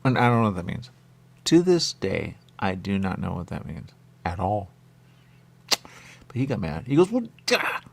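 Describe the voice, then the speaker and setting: Radio host, male, gravelly low voice with lively swings, meandering chatter that circles back on itself. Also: normal speed, long pauses. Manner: meandering, repeats catchphrases, acts out quoted voices. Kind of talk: rambling monologue.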